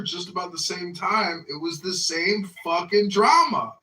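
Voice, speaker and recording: A man with a Chicago accent chatting casually, blunt and sarcastic, going loud and high-pitched when he rants. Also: measured pace, reverberant, low-quality recording. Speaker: political candidate and streamer. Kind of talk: casual chat.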